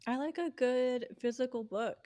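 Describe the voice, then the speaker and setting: A woman's voice: on the high side, dark tone. A woman co-hosting a book podcast, chatting casually and laughing often at her own jokes. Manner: giggly, self-deprecating. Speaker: podcast co-host. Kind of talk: casual chat.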